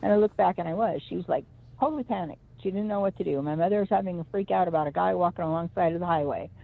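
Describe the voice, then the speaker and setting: Her voice is fairly low and creaky, and she's racing through it. The caller, a middle-aged psychic reader, tells a personal story on a call-in show in a rambling, emphatic way full of restarts, heard over a tinny phone line.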